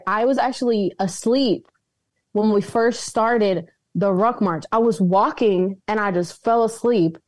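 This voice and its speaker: A woman's voice: mid-range voice, no room sound. Chatty woman host on a call. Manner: animated, quick to laugh. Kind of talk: casual podcast chat. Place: home, on a video call.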